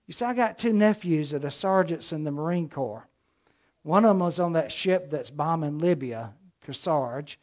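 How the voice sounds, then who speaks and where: Southern male preacher, middle-aged, high tenor, punches key words, tells stories from the pulpit. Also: animated, normal speed, a little mellow. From American South. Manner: emphatic, storytelling preacher with rising emphasis. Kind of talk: sermon.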